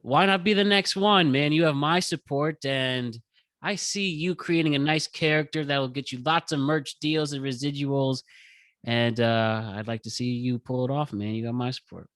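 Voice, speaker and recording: Calm encouraging male podcast host. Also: medium pitch, moderate pace, no echo. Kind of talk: casual interview chat.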